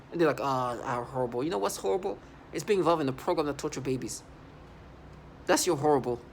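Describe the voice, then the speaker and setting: Heated man vlogging, fairly high pitched, rambles and restarts a lot. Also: slight background noise. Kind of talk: agitated monologue to camera.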